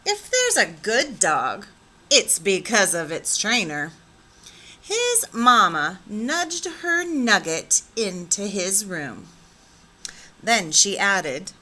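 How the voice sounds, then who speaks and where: A woman teacher reading a picture book aloud with expressive, animated storytelling. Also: medium pitch, slow pace.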